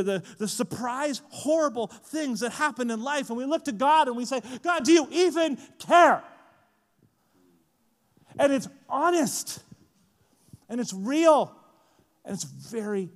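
A man preaching a sermon in a casual, animated way, often saying "like", at a conference. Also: high-pitched, in a large hall. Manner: lively, casual, frequent "like" fillers. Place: large conference hall.

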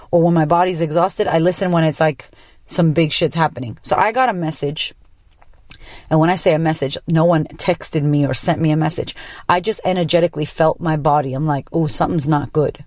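A woman hosting a podcast, telling a personal story in a blunt, profane, animated way. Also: fairly low pitch, no echo, clean studio sound. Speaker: podcast host. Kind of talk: casual personal monologue.

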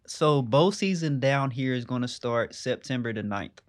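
A man's voice: medium pitch, moderate pace. A man hosting a casual podcast interview, easygoing and asking short questions. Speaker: podcast host.

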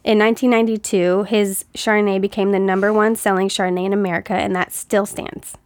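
A woman's voice: medium pitch, level tone, fast, dry recording. A woman co-hosting a casual chat, telling stories in a chatty way and laughing often. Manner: giggly, chatty storyteller. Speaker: co-host.

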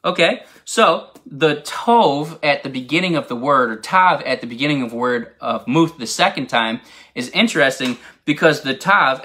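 A man's voice: fairly high pitch, bright, forceful tone. A man giving an informal, enthusiastic bible teaching, rambling into asides and laughing at himself. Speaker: preacher.

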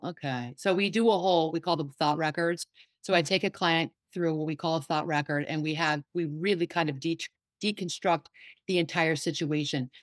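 A woman psychotherapist and life coach talking in a casual interview, animated and storytelling, acting out what others said. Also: low-pitched, no echo. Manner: animated storyteller, acts out quoted voices.

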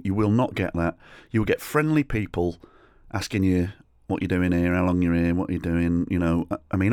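A middle-aged Englishman with a deep, low voice, hosting a solo comedy podcast. He rambles through sweary, self-deprecating stories, and the sound is close and dry with no room around it. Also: dry recording. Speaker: podcast host.

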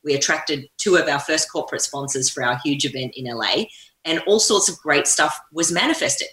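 A woman's voice: low-pitched, moderate pace, a bit bright. A woman speaking as an interview guest, talking energetically in a coaching tone. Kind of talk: conversational interview. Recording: echoey room.

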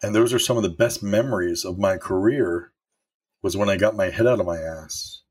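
A former manager in middle age delivers an honest, story-driven motivational talk about leadership, swearing from time to time. His fairly low voice carries a breathy edge and moves at a moderate pace.

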